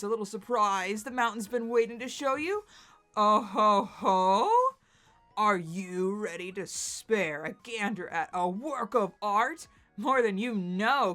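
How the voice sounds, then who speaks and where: A woman voicing a big, boastful male buck with a Southern drawl and a booming, hearty manner in a dramatic webcomic read-aloud. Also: slow pace, fairly bright tone, soft background music. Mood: teasing. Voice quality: hearty chuckle, booming bravado. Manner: grandiose, speaks of himself as "the mountain".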